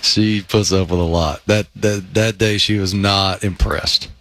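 A man who is a guest on a sports talk show, telling animated anecdotes with many fillers. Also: low voice, unhurried, no echo. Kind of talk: casual sports chat.

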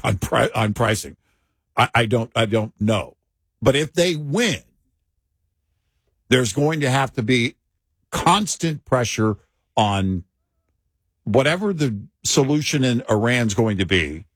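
A man co-hosting a casual political talk show, speaking in a hesitant, measured way with frequent fillers. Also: medium pitch, husky, dry recording, studio quality.

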